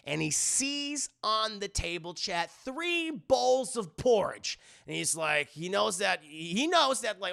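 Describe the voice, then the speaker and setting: A man's voice: high voice, sing-song, a little slow, creaky, pushed and bright. A man livestreaming a rambling, jokey and profane recap of a movie. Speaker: streamer reviewing a movie.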